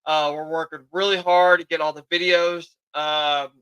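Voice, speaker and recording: A man's voice: a little high, flat delivery, normal speed, fairly bright tone, clear, resonant tone, no room sound, low-quality recording. A man hosting a live podcast in a chatty, eager way, admitting he's tired. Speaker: podcast host. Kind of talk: casual live podcast chat.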